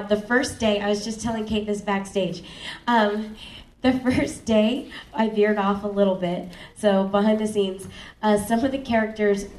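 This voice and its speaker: A woman's voice: medium pitch, a little mellow. A woman who narrates audiobooks, chatting casually on a panel with many ums. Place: live event stage. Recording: roomy, distant mic, faint noise.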